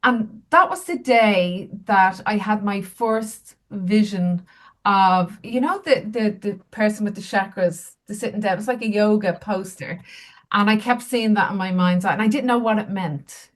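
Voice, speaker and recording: A woman's voice: medium pitch, unhurried. A woman, a healer and medium, telling candid, self-mocking stories as an interview guest. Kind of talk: casual interview storytelling.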